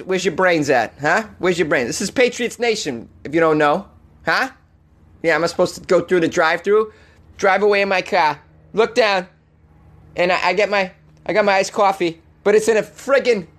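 A man's voice: high-pitched, a bit bright. A man voicing a brash, hot-headed sports fan with a Boston accent, ranting and swearing. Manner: ranting, swearing, laughing at himself. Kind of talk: comedy character rant.

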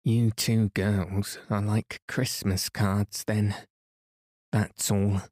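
A man's voice: on the low side, little pitch movement, extremely slow, darkish tone, no echo, studio quality. A man voicing a cross, sulky young boy who grumbles in a bedtime storybook reading.

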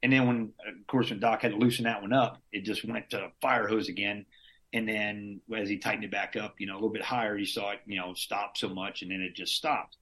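A man's voice: on the low side, fairly even intonation, brisk, a bit bright. A man who is an army veteran, casually telling his story as a guest in an easygoing, slangy way, with the odd curse and chuckle. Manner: laid-back, slangy, drops in curses and chuckles.

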